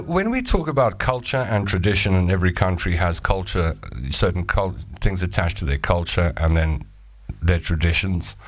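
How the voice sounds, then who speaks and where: A man with a South African accent hosting a casual live show. He reads viewer comments and rambles into jokey stories. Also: sits low. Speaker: show host. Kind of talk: casual livestream chat reading viewer comments.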